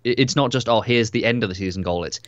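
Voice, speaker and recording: A man co-hosting a TV review show, chatting casually in a measured, agreeable way. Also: medium pitch, no room sound, dull audio. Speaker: TV review podcast co-host. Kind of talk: casual chat.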